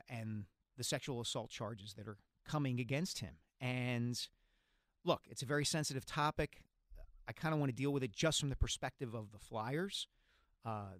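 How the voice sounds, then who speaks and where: Measured male sports columnist, dry studio. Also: medium pitch, dry recording. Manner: measured, analytical, careful. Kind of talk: casual sports analysis.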